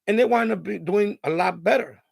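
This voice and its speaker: A man hosting a live stream in casual chat, his voice raspy and hoarse from hours of talking, giving rambling advice full of "you know" and restarts. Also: high-pitched, brisk, a little mellow, no echo, clean studio sound.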